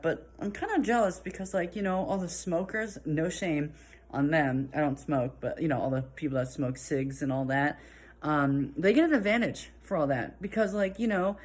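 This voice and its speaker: A woman's voice: on the low side, a little mellow. Rambling woman doing amateur stand-up. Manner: meandering, filler-heavy, self-conscious. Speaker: amateur comedian. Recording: echoey room from a distant mic.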